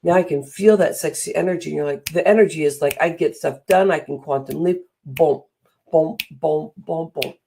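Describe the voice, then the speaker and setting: A middle-aged woman giving a motivational talk, animated and acting out the voices she quotes. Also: deep voice, fast talker, vocal fry, hardly any pauses, a little hiss or hum. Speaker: speaker and coach.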